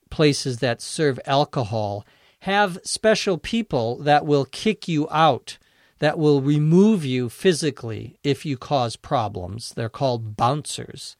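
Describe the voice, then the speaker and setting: A man giving a language lesson. He explains phrases clearly and spells words out letter by letter. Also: mid-range voice, no echo, studio quality. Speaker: English teacher.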